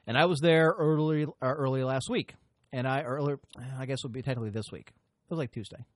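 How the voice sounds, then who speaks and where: A man's voice: medium pitch, fast talker, no room sound. A man hosting a podcast, telling a long story in a rambling, profane way and often interrupting himself. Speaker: podcast host. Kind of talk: casual storytelling chat.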